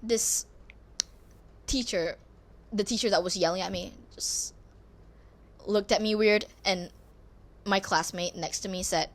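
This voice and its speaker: A woman hosting a podcast, rambling through a casual, expressive, self-deprecating monologue. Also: medium pitch, a little slow, pauses often. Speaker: podcast host.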